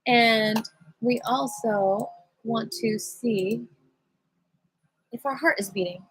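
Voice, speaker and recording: A woman leading a livestream qigong class in a playful, giddy, chatty way, with slow guided prompts to notice breath and heartbeat. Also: on the high side, fairly bright tone, slight background noise, low-quality recording. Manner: playful, giddy, breaks into sing-song cat voices. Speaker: qigong teacher. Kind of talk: casual livestream class guidance.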